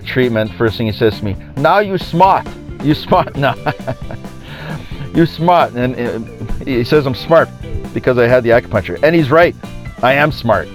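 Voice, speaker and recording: A man running his own podcast, rambling from one opinion to the next and laughing at his own jokes. His voice sits at an ordinary middle pitch for a man, and a little music plays softly behind him. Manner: rambling, joking, chuckles at his own lines. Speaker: podcast host. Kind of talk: casual opinionated monologue.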